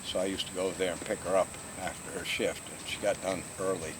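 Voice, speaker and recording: Older male storyteller, low voice, easygoing and foul-mouthed, recorded outdoors at night. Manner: laid-back, profane, laughs often. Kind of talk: casual storytelling. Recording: noisy outdoor recording with crickets.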